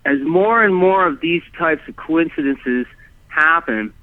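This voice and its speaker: A man talks a guest's story over a thin, phone-like line, rambling and circling back with restarts and "you know"s. His voice sits a little higher than most men's. The sound is dry and close, with no room around it. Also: expressive, measured pace, no room sound. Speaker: guest telling his experience. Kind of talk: casual storytelling in conversation.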